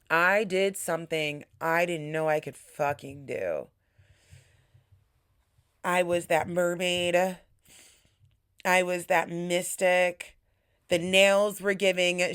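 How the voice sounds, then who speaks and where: A woman's voice: on the low side, takes it slowly, long pauses, smooth, no room sound, clean studio sound. A young adult woman hosting a podcast, telling a story casually, swearing freely and hyping herself up emphatically. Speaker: podcast host.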